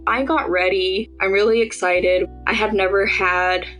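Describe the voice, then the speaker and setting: A woman's voice: medium pitch, fairly even intonation, a little slow, a bit bright, faint music behind, rough recording. A young woman, a podcast interviewee, recounts her own experience in a casual, conversational way, often saying "like". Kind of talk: personal storytelling in an interview.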